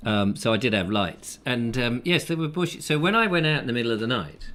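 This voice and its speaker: A man's voice: medium pitch, lively intonation, brisk, a bit bright. Guy hosting a live chat show from home, rambly and jokey, lots of ums. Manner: rambling, jokey storytelling with many fillers. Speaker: show host. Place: room in a house.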